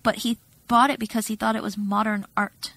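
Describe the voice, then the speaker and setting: A woman co-hosting a podcast in casual chat, measured and explanatory, laughing easily. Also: on the high side, level tone, fairly bright tone, no room sound, poor audio. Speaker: podcast co-host.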